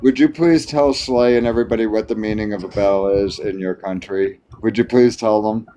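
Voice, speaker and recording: A man's voice: on the low side, steady tone, normal speed, mellow, slight background noise. A man from New York with a Long Island accent, making stammering, jokey interjections in a casual chat on a video call.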